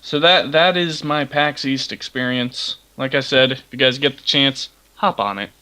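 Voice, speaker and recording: A man's voice: mid-range voice, moderate pace, bright, forceful tone. A man co-hosting a casual gaming podcast, easygoing and playful. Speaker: podcast co-host. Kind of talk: casual chat.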